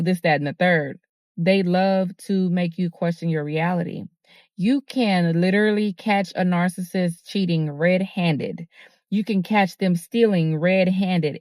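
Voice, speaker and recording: Low-voiced woman giving an earnest talk. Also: darkish tone, no echo. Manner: earnest and repetitive, with many fillers. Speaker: host. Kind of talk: motivational talk.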